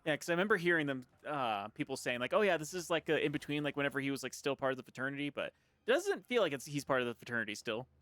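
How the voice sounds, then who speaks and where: A man co-hosting a casual game stream, making quick joking remarks while he plays. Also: fairly high pitch, big pitch swings, a bit bright, dry recording. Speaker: streamer co-host playing the game.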